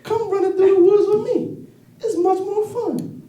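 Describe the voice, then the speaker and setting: A man voicing an overeager little male rabbit in a high, drawn-out, pleading voice. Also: steady tone, mellow. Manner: high squeaky slowed pleading. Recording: echoey room from far off, crowd.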